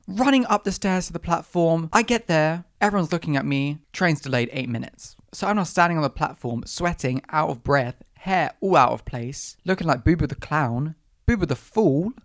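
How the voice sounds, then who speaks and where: A young man hosts a casual solo podcast, spinning dramatic, sassy stories. His voice sits fairly high for a man. The sound is close and dry, with no room around it. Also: creaky, dry recording. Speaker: podcast host.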